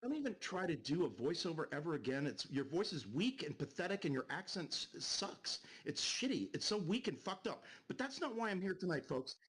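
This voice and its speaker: A man's voice: on the high side, big pitch swings, brisk, hardly any pauses, fairly bright tone, breathy edge. A man ranting on a live stream, angry and profane, repeating himself. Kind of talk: heated live-stream rant.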